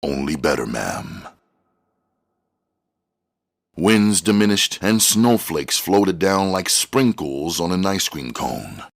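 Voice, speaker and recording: A man with a very deep voice reads a novel aloud. His narration is steady and measured, laying out the scenes in an even storybook manner. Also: creaky. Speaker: audiobook reader. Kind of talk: storybook reading.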